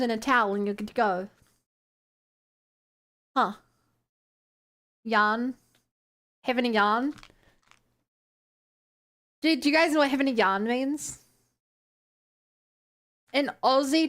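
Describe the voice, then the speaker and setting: A woman's voice: fairly high pitch, a little slow, long pauses, fairly bright tone. A young woman with a New Zealand accent, chatting casually with her stream audience in a playful, incredulous way. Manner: playful, exclaims in disbelief, laughs. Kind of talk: casual stream chat, reading chat.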